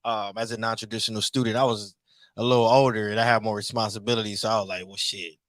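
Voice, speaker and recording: A man in a casual conversation, reflecting thoughtfully and haltingly, with lots of pauses and restarts. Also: lowish voice, flat delivery, no room sound.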